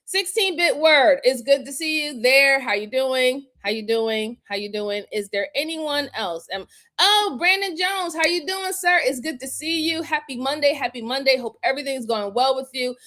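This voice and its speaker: A woman's voice: high voice, moderate pace, fairly bright tone. A woman hosting a casual livestream, greeting viewers one by one, repeating her thanks and laughing often. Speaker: livestream host.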